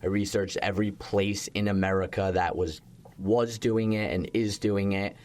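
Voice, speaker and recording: A young man with a fairly low voice talks shop as a chef, loose and animated. He fills his sentences with "like" and lets a curse word slip now and then. The tone is relaxed interview chat. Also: moderate pace. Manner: animated storytelling, heavy use of "like", occasional swearing. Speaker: chef and restaurateur guest.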